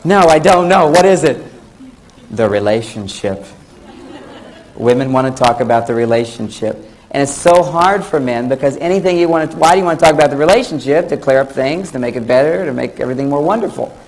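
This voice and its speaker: A man's voice: mid-range voice, fast, rough recording. A middle-aged man giving a jokey relationship lecture to an audience, telling stories and acting out bits of dialogue. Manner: jokey, animated storytelling with acted-out dialogue. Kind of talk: comic lecture to a live audience. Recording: old VHS tape with faint background noise.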